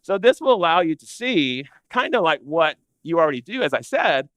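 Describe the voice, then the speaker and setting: A man presenting to an audience of interior designers in a chatty, animated way, acting out what clients say. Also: on the high side, moderate pace, dry recording. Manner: animated, conversational, acts out clients' complaints. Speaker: interior design business educator. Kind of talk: live presentation to a seated audience.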